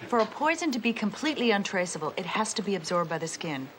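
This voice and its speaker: A brisk matter-of-fact cop. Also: female voice, mid-range voice, big pitch swings, fairly bright tone, a little hiss or hum. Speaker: police partner.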